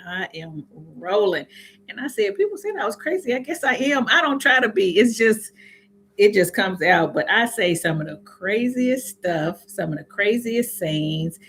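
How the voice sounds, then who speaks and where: Middle-aged indiana woman w a lowish voice rambling on her hair livestream, cracks herself up, bit of room noise behind. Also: fairly bright tone. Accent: Indiana with some Southern sayings. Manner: laughs at herself, chatty, rambling, talks straight to viewers. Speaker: natural hair YouTuber hosting a livestream. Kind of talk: casual livestream chat with viewers.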